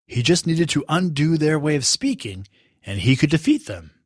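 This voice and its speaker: Guy narrating a kids story, super expressive, dry close mic. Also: fairly high pitch, normal speed, dry recording. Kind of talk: scripted children's story narration.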